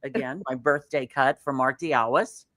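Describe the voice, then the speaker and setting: A man's voice: mid-range voice, steady tone, moderate pace, pushed and bright, no room sound, studio quality. A man co-hosting a talk show, chatting about his travels and his birthday. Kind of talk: casual chat.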